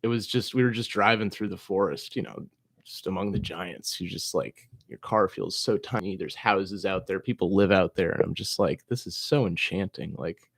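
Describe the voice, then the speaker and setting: A young man from Massachusetts chats as a guest, laid-back and freely profane. His low voice carries a gravelly edge, and the sound is dry and close. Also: moderate pace, dry recording. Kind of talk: casual chat.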